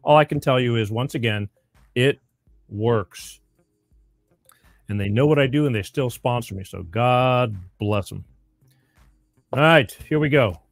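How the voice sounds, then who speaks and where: A man hosting his own talk show, making an excitable pitchman-style sponsor read and bantering with a guest, with frequent restarts. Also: moderate pace, vocal fry, no room sound, faint music behind.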